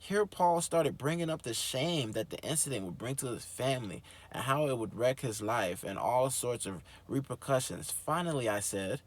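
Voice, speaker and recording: A man hosting his own show, reading a book aloud and breaking off into animated, slangy, swearing commentary. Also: medium pitch, moderate pace, hardly any pauses. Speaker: host.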